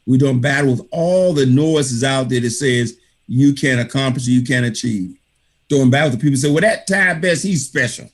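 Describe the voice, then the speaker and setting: A man's voice: medium pitch, moderate pace, darkish tone. A man, the author, speaking on a video call, giving an emphatic motivational talk that repeats key phrases like a preacher. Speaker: author thanking readers at an online book reading. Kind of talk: motivational speech.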